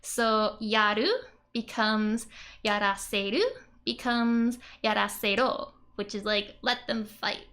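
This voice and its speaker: A woman's voice: mid-range voice, flat delivery, a little slow, fairly bright tone. A woman explaining Japanese grammar in a casual lesson, chatty and giggly, with many "like" and "um" fillers. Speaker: Japanese language teacher.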